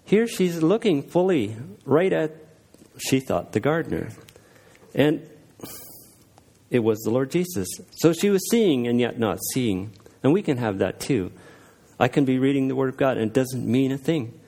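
A man giving an informal devotional talk. He reads scripture aloud and reflects on it in an earnest, unpolished way, with frequent pauses and fillers. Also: medium pitch, animated, vocal fry, mellow. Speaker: lay speaker sharing a devotional.

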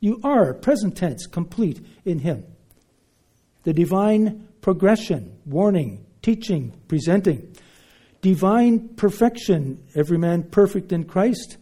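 A man preaching a sermon, emphatic, swinging between loud declarations and hushed asides. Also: high voice, expressive, slow pace, husky.

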